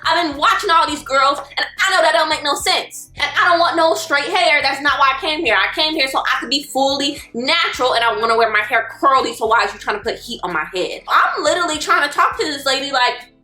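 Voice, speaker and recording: A woman, telling a personal story as a vlogger in an animated, exasperated way. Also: high voice, brisk, echoey room, faint music behind. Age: 20s. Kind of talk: storytelling vlog.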